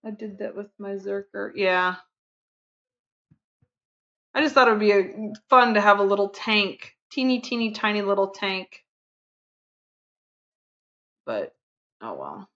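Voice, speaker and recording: Chatty woman streamer, rambles to chat, hums while working; mid-pitched, lo-fi mic. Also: sing-song, unhurried, long pauses, a bit bright. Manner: hums and counts under her breath. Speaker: game streamer. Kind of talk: casual live-stream chat.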